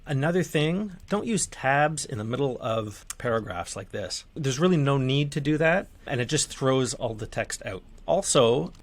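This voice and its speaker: A man teaching manuscript formatting in a relaxed, conversational screen-share tutorial, with fillers and restarts. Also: mid-range voice, normal speed, few pauses.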